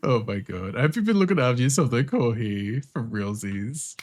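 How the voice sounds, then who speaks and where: A man streaming a cleaning game, chatting casually with viewers and laughing often. His voice moves around a lot in pitch, and he drops a lot of casual swearing into his running commentary. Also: lively intonation, moderate pace, a little mellow. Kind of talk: casual commentary while playing.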